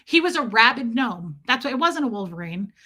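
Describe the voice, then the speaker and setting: A woman's voice: a little high, big pitch swings, brisk, pushed and bright. A woman streamer telling a story as a comedic, profane rant. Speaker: live streamer.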